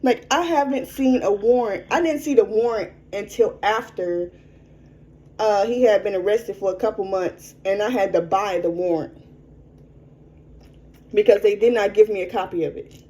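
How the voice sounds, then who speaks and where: A woman's voice: medium pitch, mellow, low-quality recording. A young adult woman telling a personal story frankly as an interview guest, in a conversational way. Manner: frank, conversational, quick to vent.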